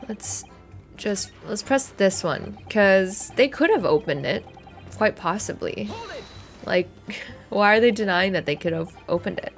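A woman's voice: mid-range voice, animated, a little slow, soft background music. A woman hosting a game playthrough, chatting and thinking aloud with a giggly, casual manner. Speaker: gaming channel host. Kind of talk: let's play commentary, reading dialogue aloud.

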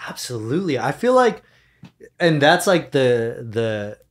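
Slow, lively-toned podcast host man. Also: mid-range voice. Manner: supportive, backchanneling. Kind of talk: casual chat.

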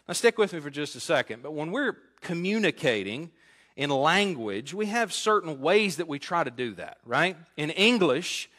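A man's voice: a little high, very animated, moderate pace, a bit bright. A male pastor preaching an expository sermon in a conversational way, often putting questions to his congregation. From United States.

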